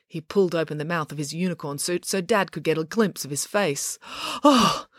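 A woman narrating a children's story with expressive delivery. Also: low voice, fairly quick, no echo, clean studio sound.

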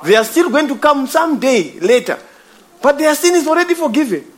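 High-voiced man preaching emphatically. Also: sing-song, brisk. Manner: emphatic, repeats phrases, addresses listeners as brother. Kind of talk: sermon.

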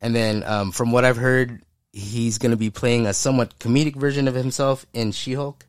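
Medium in pitch with a steady tone, this man speaks at a moderate pace in a clear, resonant voice, recorded at studio quality without echo. He's co-hosting a casual pop-culture podcast, chatting enthusiastically, rambling and often laughing.

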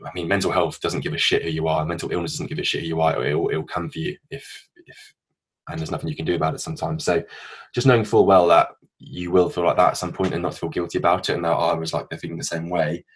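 A man's voice: deep voice, fairly even intonation, fast, breathy edge. A young man co-hosting a podcast, telling a candid personal story in an earnest, open way and swearing freely. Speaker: podcast co-host.

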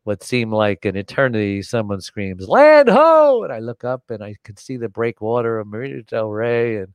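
An older American man, a guest on an interview show, telling a story in an animated way and acting out the voices of the people in it. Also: lowish voice, normal speed, clean tone, no echo. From United States. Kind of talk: storytelling in conversation.

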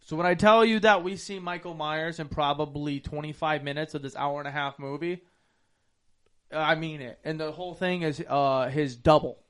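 A man's voice: on the high side, fairly even intonation, normal speed, fairly bright tone, smooth. A man co-hosting a casual podcast, reviewing a movie in a profane, emphatic way and repeating words for effect. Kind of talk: casual chat.

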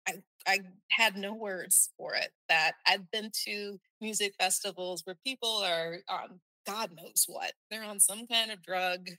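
A woman recounting a personal experience in a halting, candid way, often restarting her sentences. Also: mid-range voice, sharp tone, dry recording.

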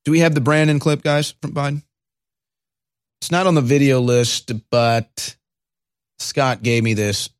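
A man's voice: medium pitch, fairly even intonation, unhurried, pauses often, clean tone, no room sound. A man hosting a political talk show, sarcastic and scornful, often stammering into restarts. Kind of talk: casual political commentary.

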